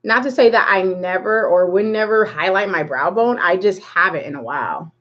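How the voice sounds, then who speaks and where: A woman's voice: medium pitch, moderate pace, highs cut off. Chatty woman rambling through a makeup stream. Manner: rambling, chatty, greets viewers by name. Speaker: makeup livestream host. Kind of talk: casual live makeup tutorial chat.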